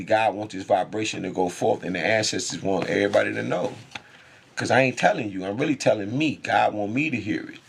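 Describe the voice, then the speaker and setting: A man's voice: lowish voice, vocal fry, slightly rough. A man speaking in an intense, profane, rambling spiritual monologue, laughing often.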